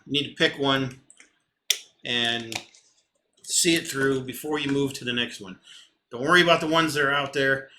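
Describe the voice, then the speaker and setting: A man gives psychic readings on a live stream in an emphatic, repetitive way, going loud and then dropping to mutters. His voice is very bright and sharp, with faint room noise around it. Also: medium pitch.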